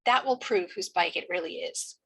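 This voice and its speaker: A woman reading as a calm, steady teenage boy. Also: on the low side, normal speed, low-quality recording. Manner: calm and controlled.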